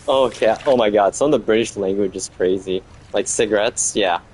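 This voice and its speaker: Low-voiced laid-back streamer. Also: male voice, brisk, a little hiss or hum. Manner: relaxed, rambling, chats with viewers while playing. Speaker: game streamer. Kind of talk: casual gameplay commentary.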